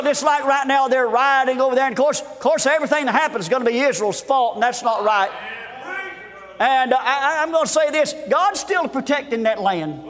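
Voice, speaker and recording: Fervent high-voiced preacher in a hall. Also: male voice. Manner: fervent, shouting, drawn-out pauses. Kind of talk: revival sermon. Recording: long hall reverb.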